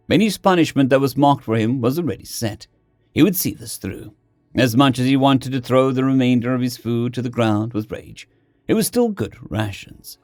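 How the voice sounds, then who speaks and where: A man narrating a fiction story in an expressive, animated storytelling manner. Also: medium pitch, no echo, studio quality.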